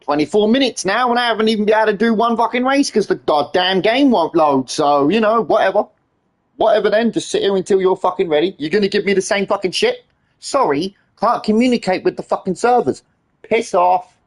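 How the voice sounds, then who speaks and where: A man's voice: high voice, fairly quick. A man ranting and swearing nonstop as he streams a game. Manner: exasperated ranting, heavy swearing. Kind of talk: livestream gaming commentary.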